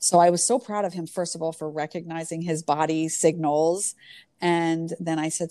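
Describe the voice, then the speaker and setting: A woman's voice: low voice, flat delivery, moderate pace, warm tone, no echo. A woman in her thirties, a yoga teacher, telling a story in casual conversation with earnest, hesitant fillers.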